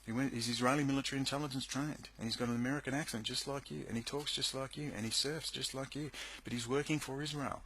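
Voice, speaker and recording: A man's voice: mid-range voice, fairly even intonation, quick pace, fairly bright tone, slight background noise, rough recording. A man speaking into his computer microphone, delivering an agitated, sarcastic rant to his viewers. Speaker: video blogger. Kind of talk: angry monologue to camera. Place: at home at a computer.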